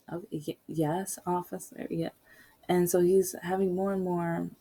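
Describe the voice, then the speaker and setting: A woman with a low, husky, mellow voice tells a personal story casually, as a podcaster. She talks candidly and wanders into asides as she goes. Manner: candid, rambling, with many asides.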